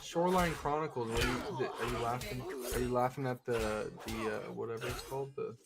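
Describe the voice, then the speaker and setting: Man, live game streamer, casual rambling chat, crude jokes, mid-pitched voice, loud background music. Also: fairly quick, vocal fry.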